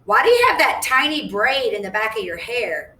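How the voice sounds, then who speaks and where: A woman's voice: sing-song, moderate pace, pushed and bright. A woman voicing a sly, eager young schoolboy who talks in an eager, needling way. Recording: echoey room, distant mic, faint rumble.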